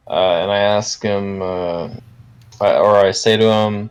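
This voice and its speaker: A man's voice: on the low side, steady tone, takes it slowly, clear, resonant tone, poor audio. A man playing a tabletop role-playing game, joking and hesitant, with some swearing. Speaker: player. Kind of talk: casual tabletop game play.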